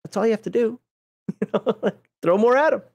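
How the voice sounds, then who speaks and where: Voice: medium pitch, rapid-fire, vocal fry, a little mellow, muffled recording. Casual GM on a livestream: loose, rambling, corrects themself mid-sentence, tosses in wry jokes. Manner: rambling, self-correcting, conversational; folksy, jokey asides. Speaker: game master explaining rules. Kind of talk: casual livestream rules walkthrough.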